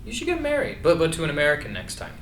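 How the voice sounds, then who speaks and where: A woman's voice: low voice, wildly swooping pitch, very fast, background noise. A woman reading a laid-back, clueless hippie roommate in a screenplay reading, unbothered and dreamy. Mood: airy. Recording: echoey room, distant mic.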